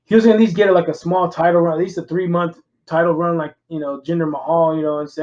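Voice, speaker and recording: A man's voice: on the high side, steady tone, quick pace, darkish tone. A man hosting a casual podcast, rambling through wrestling talk with lots of fillers and swearing. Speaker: podcast host. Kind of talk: casual chat about wrestling. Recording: dull lo-fi sound.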